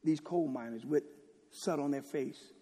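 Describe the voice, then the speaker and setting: A man preaching a sermon with great passion, shifting between loud declaiming and hushed, near-whispered lines, and asking rhetorical questions again and again. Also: on the high side, unhurried, breathy edge. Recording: long hall reverb.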